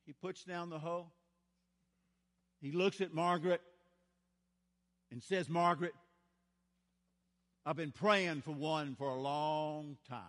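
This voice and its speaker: An older man preaching a sermon, telling stories in a folksy, dramatic way that swings from hushed to loud. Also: a little high, fairly even intonation, takes it slowly, pauses often. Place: large church. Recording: church hall with long reverb.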